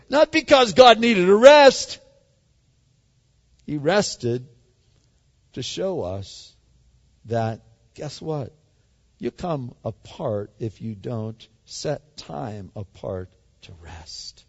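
A man preaching a sermon in an animated way, swinging from loud, emphatic lines to hushed ones. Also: high-pitched. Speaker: pastor. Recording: dull sound in a large hall.

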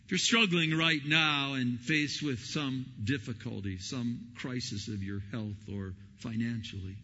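A man preaching a sermon as pastor, telling stories and acting out the quotes with lively energy. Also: medium pitch, unhurried. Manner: animated storytelling, acting out quotes. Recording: lo-fi recording in a reverberant hall.

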